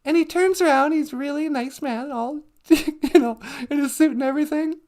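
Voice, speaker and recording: A woman's voice: high-pitched, normal speed, dark tone. Giggly woman telling a story. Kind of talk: telling an anecdote.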